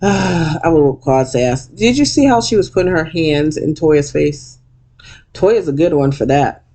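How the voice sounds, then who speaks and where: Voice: medium pitch, expressive, a little slow, dark tone. A vlog host giving a blunt, profane, gossipy recap of a reality TV episode.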